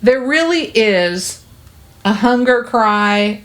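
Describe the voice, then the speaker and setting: A woman's voice: a little high, slow pace, a bit bright. A woman hosting a podcast, explaining child development in a chatty, earnest and reassuring way, filling her talk with "like" and "you know.". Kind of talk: casual podcast conversation.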